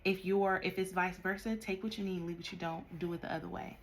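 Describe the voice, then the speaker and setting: A tarot reader, a woman with a fairly low voice, gives a reading at a slightly fast clip, with a faint hiss underneath. She addresses her listener directly in an animated, no-nonsense way, scolding them when she thinks they need it.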